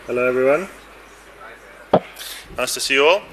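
A man's voice: mid-range voice, moderate pace, fairly bright tone, slight background noise. A man chairing a conference session, chatty and self-deprecating with many fillers, speaking into a stage microphone in a conference hall. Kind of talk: informal introduction.

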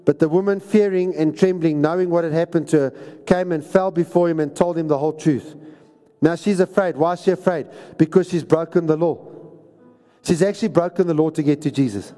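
A man's voice: a little high, a little fast, dark tone. A man preaching a sermon, exhorting and repeating lines for emphasis. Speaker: pastor. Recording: reverberant hall recording.

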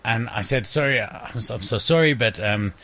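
A man's voice: fairly low pitch, moderate pace. A man chatting casually on a podcast, telling stories with frequent laughs and some swearing. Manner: laughing, swearing, lively anecdotes. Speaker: podcast guest. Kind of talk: casual storytelling chat.

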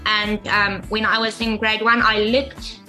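A woman's voice: mid-range voice, little pitch movement, a little slow, pushed and bright, soft background music, rough recording. A woman on a video call, a comedian chatting in a self-deprecating, jokey way. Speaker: guest, comedian. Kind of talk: casual video-call chat.

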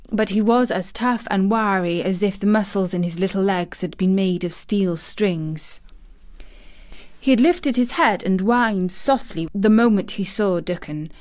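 A woman reading a classic children's novel aloud in steady scripted narration. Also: medium pitch. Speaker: audiobook reader.

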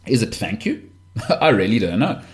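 A man's voice: on the low side, very animated, moderate pace. A man with a Johannesburg northern suburbs South African accent, hosting a podcast in a blunt, rambling, candid rant full of restarts and asides. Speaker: podcast host.

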